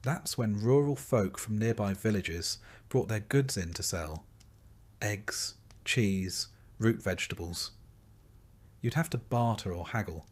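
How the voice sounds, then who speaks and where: Male narrator, slightly low voice, slow and soothing bedtime-story read. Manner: slow, soft and calm. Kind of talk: scripted sleep-story narration.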